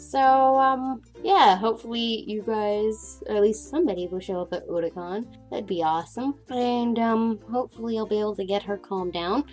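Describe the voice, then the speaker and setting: A young woman chatting casually to her viewers in a voice-over. She rambles, laughs often, and breaks off now and then to scold her cat in high-pitched bursts. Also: moderate pace, hardly any pauses. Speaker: art channel creator. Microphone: desktop mic, recording audio at home. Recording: faint background music. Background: soft background music.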